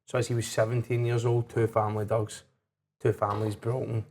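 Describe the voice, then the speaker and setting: Flat, fast-talking Scottish man. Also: fairly low pitch. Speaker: podcast co-host. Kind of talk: casual chat over whisky. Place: whisky lounge.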